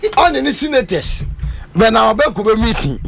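A man hosting casual radio chat, playful and loud with station call-outs. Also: very high voice, very animated, moderate pace, creaky, over music.

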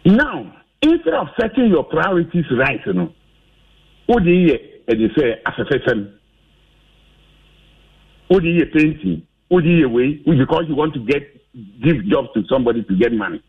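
Husky Ghanaian man, animated radio rant. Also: on the high side, normal speed. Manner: animated, rhetorical questions, mixing English and Twi. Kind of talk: heated radio commentary. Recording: dull lo-fi radio audio.

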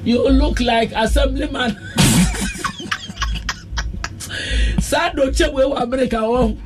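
A woman's voice: high-pitched, fairly even intonation, normal speed, over music. A Ghanaian woman hosting a casual radio show, reading listener messages aloud and laughing playfully. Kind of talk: casual radio chat, mixing Twi and English. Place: radio studio.

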